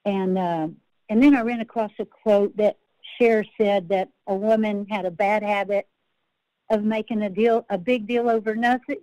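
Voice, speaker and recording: A woman's voice: mid-range voice, steady tone, moderate pace, dark tone, clear, resonant tone, dry recording, poor audio. A woman country singer-songwriter, a podcast guest, telling rambling, self-interrupting stories and laughing at her own tales.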